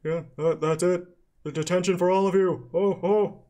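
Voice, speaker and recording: A man's voice: high voice, steady tone, normal speed, mellow, pitched above the performer's own voice, lightly acted. A man voicing a zany, hammy male teacher who rambles in a giggly, manic way.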